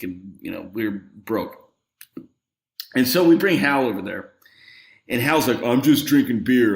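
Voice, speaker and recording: Podcast guest, male, animated storyteller who laughs through it; lively delivery, bright tone. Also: lowish voice, creaky, roomy sound. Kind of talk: casual storytelling.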